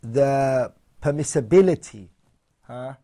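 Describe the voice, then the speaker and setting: Taking it slowly, a man with a mellow, medium-pitched voice teaches a religious lesson as an Islamic teacher. Each point is read aloud and then explained, with readings switching between English and Arabic and frequent questions directed at his listeners.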